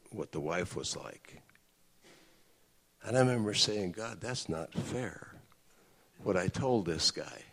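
A middle-aged man telling personal stories in an earnest, conversational sermon to a group of men, with lively outbursts. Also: extremely low pitch. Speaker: speaker addressing men. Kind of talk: sermon-style personal storytelling. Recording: echoey hall with long reverb.

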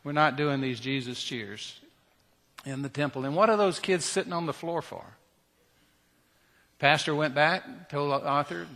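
A man preaching a humorous, animated storytelling sermon to a congregation. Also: a little high, unhurried, pauses often, long reverb tail. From Southern United States. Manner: humorous, animated, leads shouted cheers.

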